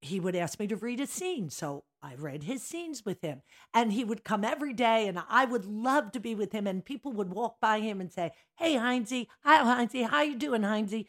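A woman's voice: medium pitch, moderate pace. An older woman, a dance studio owner, telling stories in a casual chat and acting out the scenes. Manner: animated, acts out scenes with big gestures. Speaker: guest, mother of the hosts.

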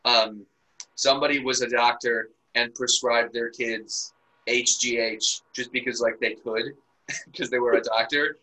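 A man's voice: mid-range voice, steady tone, a little slow, sharp tone, rough recording. A man chatting casually and crudely with a friend, laughing often as he jokes. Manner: laughs constantly, crude and joking. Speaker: podcast co-host. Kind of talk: casual comedic chat.

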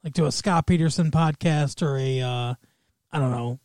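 A man's voice: on the high side, moderate pace, a little mellow, no room sound. A man co-hosting a podcast, chatting casually and agreeably with a joking edge. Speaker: podcast co-host. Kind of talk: casual chat.

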